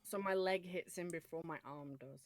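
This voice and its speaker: A woman playing a tabletop game, relaxed and playful in casual chat. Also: lowish voice, normal speed, dry recording. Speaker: player.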